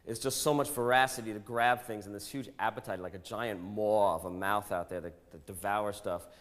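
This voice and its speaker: A man who writes and produces songs, talking candidly and wryly, his phrases sinking low at the ends. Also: fairly even intonation, a bit bright, long reverb tail. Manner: fast, wry, trailing low at phrase ends. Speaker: songwriter and producer. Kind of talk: candid interview monologue.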